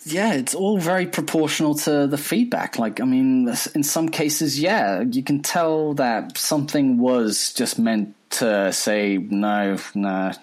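A man talks as a guest in a relaxed chat. He hesitates often and fills gaps with "you know what I mean". His voice is at a middling pitch. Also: measured pace, few pauses. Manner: hesitant, many fillers. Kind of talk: casual chat.

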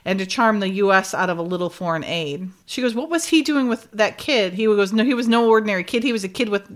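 A woman's voice: mid-range voice, a little fast. A middle-aged woman co-hosting a casual recap chat, retelling scenes animatedly and acting out quoted lines with frequent laughs. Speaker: podcast co-host.

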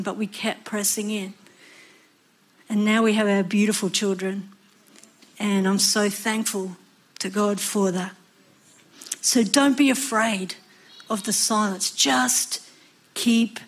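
A woman preaching a sermon, earnest and expressive, sometimes acting out the voices of people in her story. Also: mid-range voice. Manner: expressive, acts out voices and cries.

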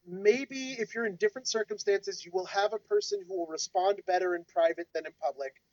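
An earnest podcast co-host talking through advice at a mid pitch. The sound is dull and lo-fi, with a dry close feel and no room around it. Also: a little fast, darkish tone, dry recording. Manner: earnest, advising. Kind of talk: casual discussion.

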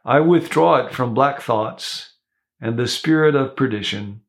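A man's voice: mid-range voice, a little slow, close to an everyday voice. A man voicing a kindly, generous old bishop while reading a story aloud in a sermon. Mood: solemn. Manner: warm, solemn storytelling read-aloud.

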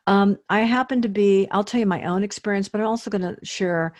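An older woman, a fitness expert, speaking as a guest in an interview in a lively, earnest, motivational way. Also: medium pitch, brisk. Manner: lively, acts out quoted inner voices. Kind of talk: conversational interview.

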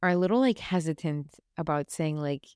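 A young woman hosts a podcast in a casual solo chat, speaking from the heart and rambling, full of "like" and restarts. Her voice sits low with a darkish, clean tone, animated and brisk, captured dry in studio-quality sound.

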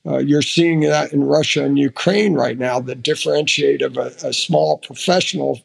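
An older American man, a retired admiral, telling stories in an interview, halting with restarts and lively when quoting others. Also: fairly high pitch, gravelly. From United States. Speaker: podcast guest, retired admiral. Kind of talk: casual interview storytelling.

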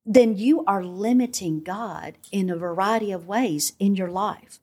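A woman's voice: medium pitch, unhurried, a little mellow, husky. An older woman, a grandmother, teaching as a guest on a devotional podcast, earnest and emphatic, repeating phrases in long lists.

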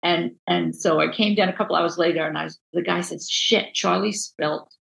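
A woman with a New Jersey accent, a book designer telling stories in a casual interview, animated and full of restarts. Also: lowish voice, moderate pace, creaky, rough recording. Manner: animated, acts out quoted voices, many restarts.

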